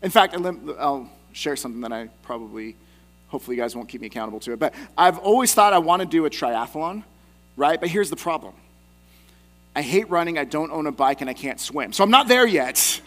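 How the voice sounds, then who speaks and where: A man's voice: a little high, lively intonation, brisk, fairly bright tone. Conversational man preaching a sermon. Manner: conversational, self-deprecating with asides. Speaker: pastor.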